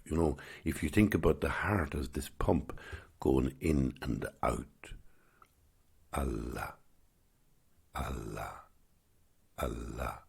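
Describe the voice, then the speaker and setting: Male podcast host, reflective spiritual talk, very low husky voice, gravelly edge. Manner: gentle, musing, unhurried.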